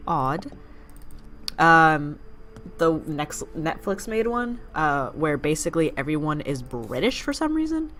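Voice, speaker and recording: A woman with a notably low speaking voice talks her way through a game as the channel's host. Her commentary wanders into distracted asides and playful teasing of the on-screen heroine. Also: very animated, a little slow, a bit bright. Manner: rambling, distracted chatter with asides. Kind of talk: let's play commentary.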